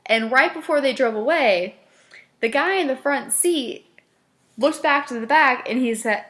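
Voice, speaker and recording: A woman vlogger telling stories from her fast food job in a casual, animated way, laughing often and acting out her customers. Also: high-pitched. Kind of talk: casual storytelling to camera.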